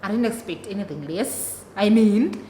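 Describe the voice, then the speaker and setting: A woman's voice: mid-range voice, expressive, normal speed, mellow. A young South African woman whose first language is isiXhosa, telling a story-time vlog to her viewers in a chatty, dramatic way. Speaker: vlogger. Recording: echoey room, long reverb, faint noise.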